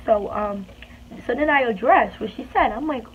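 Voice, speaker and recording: Female vlogger, animated chatty storyteller, slightly high voice, tinny lo-fi sound. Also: normal speed. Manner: animated, chatty retelling with emphatic repeats. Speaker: beauty vlogger. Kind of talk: storytime vlog. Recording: tinny phone-like sound with faint hiss.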